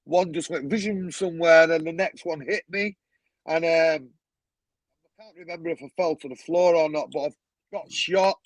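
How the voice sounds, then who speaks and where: A man's voice: fairly high pitch, normal speed, no room sound, poor audio. A man telling stories as a guest on a talk show, blunt and swearing freely, with a lot of "you know what I mean". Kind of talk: casual storytelling.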